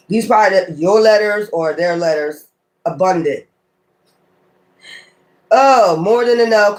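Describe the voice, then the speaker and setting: A man doing a casual tarot reading, talking straight to his viewers, cursing often and laughing between cards. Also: high-pitched. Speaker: tarot reader.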